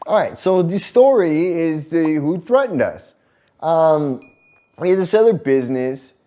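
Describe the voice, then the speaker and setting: A man's voice: fairly high pitch, a little slow. A man in his thirties, casually telling a story on a couple's vlog, swearing freely and laughing as he goes. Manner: profane, animated retelling with laughter. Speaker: vlog co-host.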